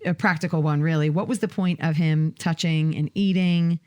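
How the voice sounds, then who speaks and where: Woman, study group leader, lowish voice, casual questioning, frequent laughs. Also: steady tone, normal speed, a little mellow, clean tone. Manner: questioning, prompting, laughs often.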